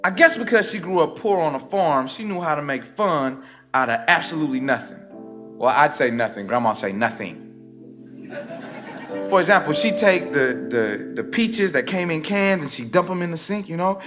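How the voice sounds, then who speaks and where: A man performing a personal story live on stage, with a rhythmic, theatrical delivery that swings sharply in pitch and loudness. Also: animated, fairly quick. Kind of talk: live spoken-word storytelling. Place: stage before a live audience. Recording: live stage recording with music bed underneath.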